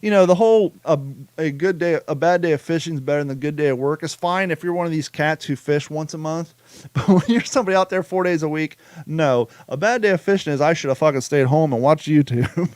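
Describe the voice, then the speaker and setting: Animated American podcast host, slightly high. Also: male voice, brisk, clean tone, no echo. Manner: animated, swearing, laughs while telling stories. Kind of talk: casual podcast chat.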